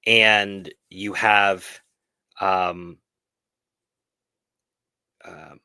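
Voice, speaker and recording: Hosting a film club live stream, a man speaks earnestly and reflectively in a casual discussion, often correcting himself mid-sentence. His voice is lowish with a sharp tone, and there's no room sound.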